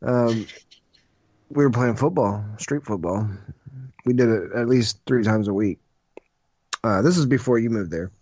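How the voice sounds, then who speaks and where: A man's voice: medium pitch, unhurried, long pauses, a little mellow, no echo. A man co-hosting a podcast, telling a story casually and laughing as he goes. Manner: laughs through his story, plain talk. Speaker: podcast co-host. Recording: dry, dull lo-fi sound.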